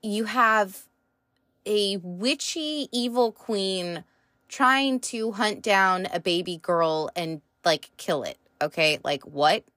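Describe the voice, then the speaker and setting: A woman's voice: medium pitch, slow, a bit bright, no room sound. A woman reviewing a TV show in a casual, rambling chat, full of fillers and the odd swear word.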